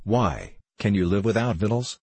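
A man voicing a kindly, motherly older woman nurse who chides and teases slowly in old-fashioned speech. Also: lowish voice, expressive, a little mellow, breathy edge, no echo. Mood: teasing.

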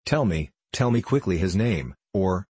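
A young villager, hot-tempered and insistent, as a man reads him. The voice sits low and husky, delivered close and dry. He presses hard and will not be put off. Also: animated, measured pace, no echo, full character voice. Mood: demanding. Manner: forceful, demanding.

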